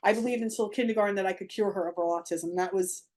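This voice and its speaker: A woman's voice: medium pitch, a little mellow. A middle-aged woman giving a motivational talk as a parent coach, emphatic and blunt. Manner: emphatic and blunt, with quick acted quotes.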